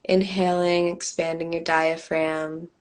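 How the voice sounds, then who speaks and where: A woman with a hoarse, scratchy voice, co-hosting a live stream and guiding a calm meditation. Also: lowish voice. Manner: slow, calm guiding cadence. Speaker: co-host and meditation guide. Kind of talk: guided meditation and casual chat. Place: home, on a live video stream.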